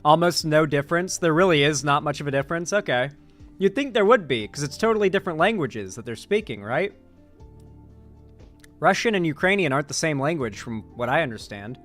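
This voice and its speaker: Young man, political streamer, rambling chat-reading talk, fairly high voice, soft music underneath. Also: expressive, a little fast. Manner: casual, rambling, reacts to chat.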